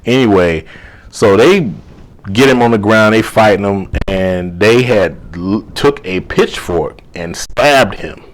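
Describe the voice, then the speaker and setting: A man with a very low, deep voice tells a personal story in a casual, chatty way. He fills it with quoted dialogue and loose asides. The tone is conversational and unscripted. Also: takes it slowly. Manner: animated retelling full of quoted dialogue and "you know". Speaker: life coach.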